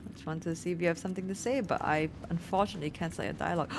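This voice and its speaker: A woman casually commentating a video game, chatty, excitable and often apologetic. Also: on the low side, racing, gravelly, background noise. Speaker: let's play streamer.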